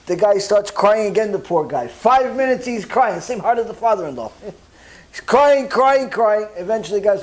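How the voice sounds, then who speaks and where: A rabbi giving a Torah lecture, telling a story as an animated storyteller who acts out each character's lines. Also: male voice, sits high, normal speed.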